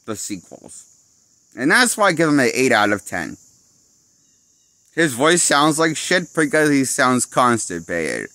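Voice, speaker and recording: A male movie critic talks through a casual review at a slow, unhurried pace. He rambles, restarts his thoughts and chuckles at his own jokes. His voice sits at an ordinary pitch in a dry, close sound. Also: big pitch swings, sharp tone, dry recording. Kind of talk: casual spoken film review.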